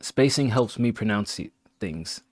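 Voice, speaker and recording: A man's voice: on the low side, expressive, unhurried, a little mellow, no room sound. A man co-hosting a casual show, rating songs and reading out titles with a wry, joking manner. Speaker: co-host picking and rating listener tracks. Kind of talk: casual critique chat.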